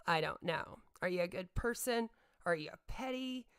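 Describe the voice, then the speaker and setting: A woman's voice: on the low side, expressive, normal speed, clean tone. A woman streamer delivering a heated, sarcastic rant to her audience, repeating her points for emphasis. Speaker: streamer and channel host. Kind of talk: livestream rant.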